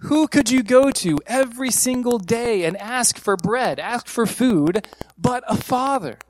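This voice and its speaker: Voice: mid-range voice, animated, unhurried, low-quality recording. A preacher giving an earnest sermon, repeating key phrases for emphasis and asking one rhetorical question after another.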